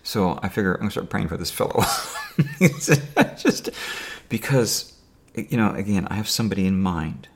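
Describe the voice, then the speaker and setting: Low gravelly man rambling sarcastically. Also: expressive. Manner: dry sarcastic humor, halting with many fillers and restarts. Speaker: video diarist. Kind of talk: rambling personal monologue.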